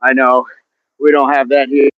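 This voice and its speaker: A man's voice: mid-range voice, flat delivery, moderate pace, no echo, narrow, tinny audio. A man hosting a live outdoor workout stream, out of breath as he exercises and greets viewers by name between sets. He talks into a phone propped against a tree at the bottom of a hill. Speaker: fitness livestream host.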